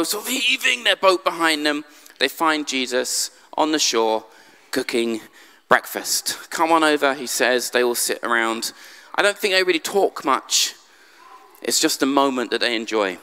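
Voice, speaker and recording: A man's voice: a little high, pushed and bright, clear, resonant tone. A man preaching a humorous sermon in a church, telling the story with dry jokes. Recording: long church hall reverb.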